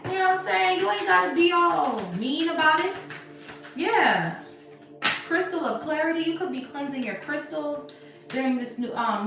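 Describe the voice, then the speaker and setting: A woman doing a live tarot reading in casual, slangy chat, talking emphatically and sometimes dropping to a soft hush. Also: sits high. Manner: animated, emphatic, swings to soft hushed stretches. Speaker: tarot reader. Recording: echoey room, voice distant from mic, music behind. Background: background music.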